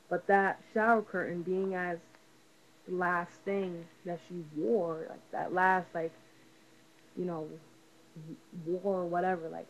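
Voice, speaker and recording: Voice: medium pitch, muffled recording, slight background noise. Rambling, profane movie reviewer. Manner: rambling, profane, lots of fillers. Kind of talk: casual spoken movie review.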